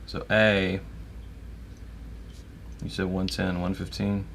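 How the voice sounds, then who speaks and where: A man's voice: sits low, flat delivery, slow pace, vocal fry, a bit bright, slight background noise. A man co-hosting a casual whiskey tasting livestream, joking and drifting into rambling tangents. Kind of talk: casual chat.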